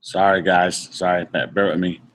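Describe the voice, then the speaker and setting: A man with a deep, slightly bright voice speaks unhurriedly, with little pitch movement. He's a motivational speaker running a group session before a live audience, emphatic and repetitive, restating his points and sometimes tripping over words.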